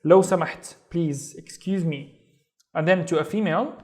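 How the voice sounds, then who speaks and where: Man, somewhat high voice, patient language teacher, repeats words slowly. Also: darkish tone. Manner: slow, clear, repeats words for learners. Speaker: Arabic teacher. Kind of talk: recorded language lesson.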